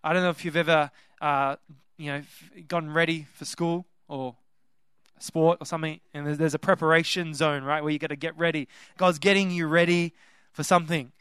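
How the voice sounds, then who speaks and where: A young man preaching at a youth conference, energetic and talkative, stumbling over his words with lots of restarts and fillers. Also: on the high side, a little fast, smooth, no echo, studio quality. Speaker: guest preacher. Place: conference hall with live audience.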